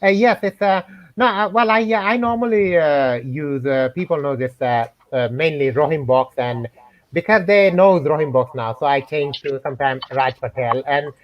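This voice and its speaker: A man's voice: a little high, normal speed. A male guest talking hesitantly, with many fillers, over a remote call. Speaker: guest scam baiter. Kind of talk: casual interview chat. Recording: dull dry remote call.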